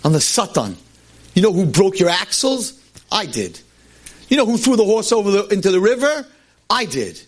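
Man voicing a scornful devil-stranger in a told tale; high, taunting, boastful. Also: very animated, moderate pace. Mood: gloating. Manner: scornful, gloating. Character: sly male stranger, revealed as a gloating devil.

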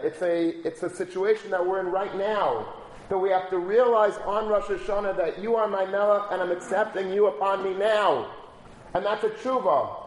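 A man's voice: sits high, a little mellow. A man giving a casual Torah talk, telling a story and using many Hebrew and Yiddish terms. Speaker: rabbi. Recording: echoey room, faint ambience.

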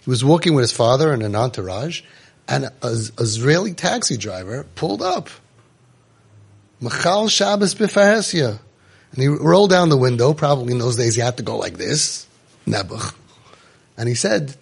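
A man's voice: medium pitch, sing-song, moderate pace, creaky, breathy edge. A man, giving a storytelling Torah class full of Yiddish and Hebrew words and rhetorical questions. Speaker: rabbi giving a Torah talk.

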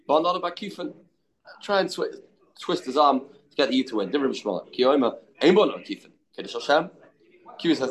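A man teaching an informal Talmud study class, thinking aloud, answering students, and mixing Hebrew and Aramaic terms into his English. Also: on the high side.

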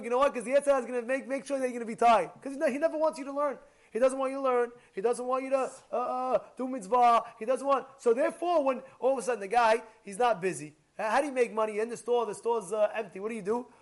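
A man giving a Torah class as a rabbi, animated, repeating points and asking his listeners rhetorical questions. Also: very high voice, quick pace.

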